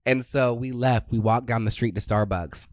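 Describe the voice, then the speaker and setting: A man's voice: medium pitch, normal speed, no room sound. A man co-hosting a podcast, telling a long personal story in casual chat. He swears freely and acts out what other people said. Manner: profane, animated storyteller who acts out quotes. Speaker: podcast co-host.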